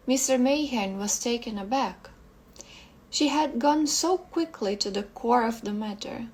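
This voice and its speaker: A woman English teacher reading a short story aloud slowly and carefully, sometimes restarting a phrase. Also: a little high, a little mellow, husky, rough recording.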